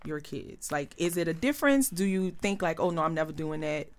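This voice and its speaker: A woman's voice: low-pitched, expressive, brisk. Middle-aged woman asking questions. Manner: supportive, asks interviewer questions. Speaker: podcast co-host, youth services director. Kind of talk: casual conversation.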